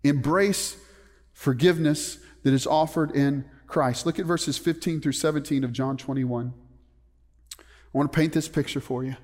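A man's voice: on the high side, fairly even intonation, normal speed, a little mellow. A man preaching a sermon as a pastor, emphatic, often putting questions to the congregation. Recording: long reverb of a large hall.

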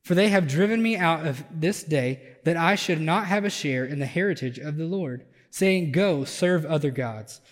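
A man's voice: on the high side, expressive, normal speed, hardly any pauses, big-room sound. A man preaching a conversational sermon as pastor, building up intensity on his emphatic points. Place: church sanctuary.

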